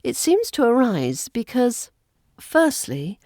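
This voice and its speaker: A middle-aged woman with an RP British accent, an accent coach reading a podcast lesson in a clear, precise and measured way. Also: a little high, sing-song, dark tone, no echo, studio quality. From England.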